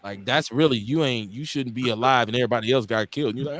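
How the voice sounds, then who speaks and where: Mid-range voice, quick pace, dry recording: a Milwaukee man in his forties running a casual talk radio show. He tells animated stories bluntly and profanely, impersonating the people he describes.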